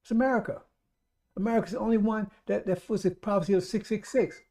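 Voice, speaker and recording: A man's voice: high voice, fairly even intonation, fast, mellow. Emphatic, repetitive male radio preacher. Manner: repetitive, emphatic exhortation to brothers and sisters. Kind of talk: live-streamed radio sermon.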